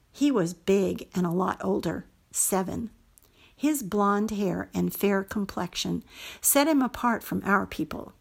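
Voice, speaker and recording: A woman reads a first-person story aloud in a steady, measured way. Her voice has a gravelly fry and a husky, slightly breathy grain, at a mid pitch for a woman. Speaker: host and story reader. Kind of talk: scripted story narration.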